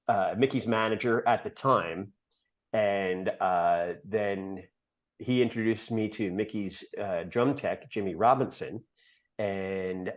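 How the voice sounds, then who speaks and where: Chatty man telling a long story, lo-fi. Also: on the low side. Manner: rambling, filler-heavy, laughs often mid-story. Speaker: podcast guest. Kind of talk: casual storytelling.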